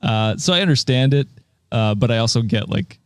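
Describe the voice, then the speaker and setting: A man's voice: mid-range voice, expressive, brisk, smooth, dry recording, studio quality. A man co-hosting a casual podcast, rambling with lots of ums and frequent giggles. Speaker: podcast co-host.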